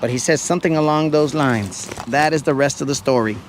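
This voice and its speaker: A man tells a comic story in a relaxed, teasing way and puts on the voices of the people he describes. His voice sits a little high. Steady outdoor noise and traffic run behind him. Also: a little fast. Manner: joking, self-mocking, acts out quoted voices. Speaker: podcast host. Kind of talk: casual storytelling. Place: outdoors, fishing from a kayak.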